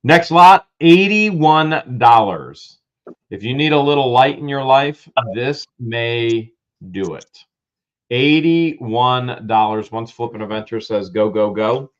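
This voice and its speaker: A man hosting a live-stream auction, loudly calling out lots and prices with excitement. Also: mid-range voice, slow pace, highs cut off. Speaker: livestream auction host.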